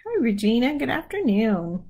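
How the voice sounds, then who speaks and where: A woman's voice: fairly high pitch, very animated, normal speed, mellow, husky, low-quality recording. A woman leading a livestreamed prayer, chatting casually and laughing as she keeps yawning, speaking from a room at home. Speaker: prayer leader. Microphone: phone or webcam livestream.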